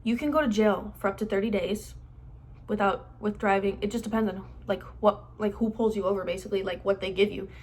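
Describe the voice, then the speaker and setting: The vlogger, a young woman in her late teens, tells a rambling, casual storytime and uses "like" in every sentence. Her mid-range voice is steady and a little fast, with slight background noise.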